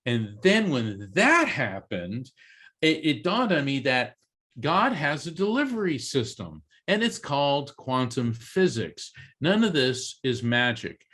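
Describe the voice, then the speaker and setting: An earnest man who grew up on the Florida coast tells a personal story as an interview guest. His voice sits at an ordinary middle pitch. He briefly acts out the voices of the people in his story. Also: sing-song, takes it slowly, fairly bright tone. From East Coast Florida. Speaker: interview guest, psychic medium and author.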